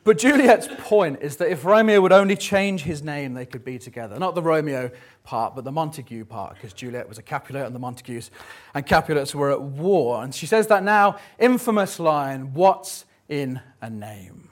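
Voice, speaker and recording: A man in his thirties delivering a church sermon with a slightly high voice. He talks in a relaxed, conversational way, slipping in jokes and frequent ums between points. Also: fairly quick. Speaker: preacher. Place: church service.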